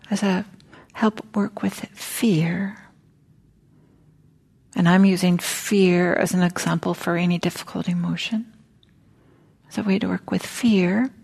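A woman gives a meditation talk in a soft, unhurried way, often sinking to a near whisper. Her fairly low voice has a gravelly, husky edge. She muses aloud with casual fillers. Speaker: meditation teacher. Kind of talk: dharma talk. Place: meditation hall.

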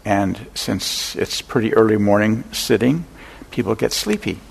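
An older man giving a dharma talk as a meditation teacher, an unhurried storyteller who pauses often. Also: lowish voice, animated, gravelly, breathy edge. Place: meditation center hall.

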